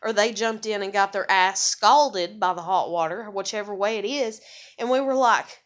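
An American woman ranting in a vlog, angry, profane and rambling, her voice jumping high when heated. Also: moderate pace. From USA. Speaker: vlogger. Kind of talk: ranting monologue.

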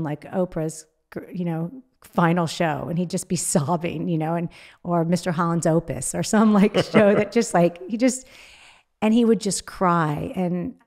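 A woman's voice: fairly low pitch, a little mellow. A woman being interviewed as an author, talking candidly and emotionally, often restarting her sentences. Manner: emotional, halting, with frequent restarts. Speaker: guest, author.

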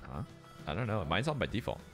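Excitable man leading a game stream. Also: fairly low pitch, fast. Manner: excitable, directs the group, swears casually. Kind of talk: casual gaming chat. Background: game music.

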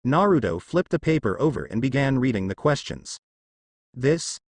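A man's voice: medium pitch, big pitch swings, brisk, dry recording, clean studio sound. A man reading a fan fiction story aloud as narrator, voicing all the characters. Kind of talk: fanfiction audiobook narration.

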